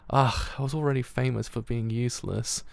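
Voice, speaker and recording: Fretful clumsy young gem, puts itself down a lot, gravelly voice read by a man. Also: medium pitch, fairly even intonation, fairly quick, no echo, lightly acted. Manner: fretful, self-deprecating.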